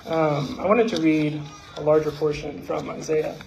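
Man, church speaker, slightly high voice; halting talk, fervent recitation. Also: steady tone, gravelly, a little mellow, a little hiss or hum, low-quality recording. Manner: halting, with fillers and restarts, rising when reciting. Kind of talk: devotional talk reciting scripture.

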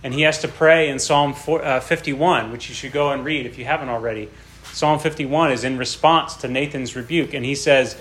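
A man's voice: mid-range voice, fairly even intonation, a little fast, fairly bright tone. A man preaching a sermon who reads scripture aloud with rising dramatic emphasis and explains between readings in a plain teaching tone.

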